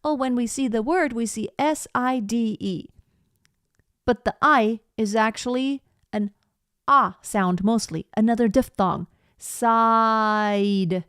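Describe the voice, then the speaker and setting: Singing teacher with a clear, dry voice. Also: female voice, a little high, takes it slowly, dry recording. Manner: demonstrates by singing phrases, then explains calmly. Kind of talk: live online singing lesson.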